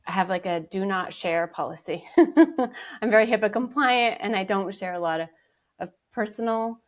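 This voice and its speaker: A woman's voice: mid-range voice, normal speed. A woman guest on a casual podcast chat, an energy healer telling her story in a careful, reflective way.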